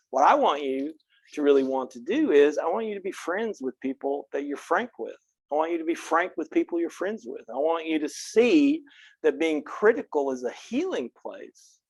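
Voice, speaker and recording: A man from Texas teaching a college philosophy class, frank and earnest and quick to crack a joke, recorded on a close mic in a classroom. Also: fairly high pitch, expressive, dry recording. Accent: Texan. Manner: earnest, frank, joking, speaks directly to students. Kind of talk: classroom lecture.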